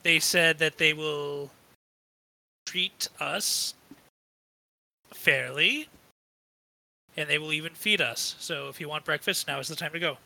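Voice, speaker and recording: A man's voice: on the high side, creaky, bright, forceful tone, low-quality recording. A man playing a tabletop role-playing game, joking around and filling in his group. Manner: joking, quick to laugh. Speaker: player. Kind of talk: tabletop role-play banter.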